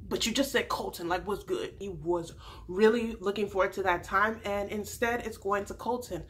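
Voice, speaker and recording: A woman giving a casual, animated TV recap as a vlogger, slangy and quick to laugh. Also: medium pitch.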